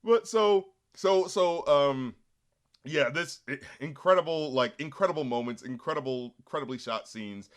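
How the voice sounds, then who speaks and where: A man co-hosting a casual movie review chat, talking excitedly and profanely and acting out quotes from the film. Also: a little high, normal speed. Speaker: co-host of a film review show. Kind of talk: casual spoilery movie discussion.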